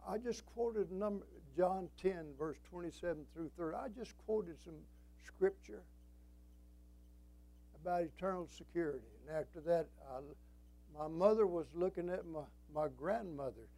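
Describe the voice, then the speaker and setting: A man's voice: high voice, moderate pace, mellow, poor audio. An older man preaching a sermon as a pastor, folksy and emphatic, quoting scripture and telling stories.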